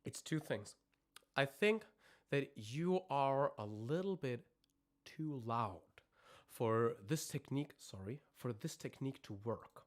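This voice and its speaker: On a live stream, a man coaches singers, speaking haltingly and groping for words, stopping now and then to demonstrate screams and other vocal sounds. His voice is mid-range with lively intonation.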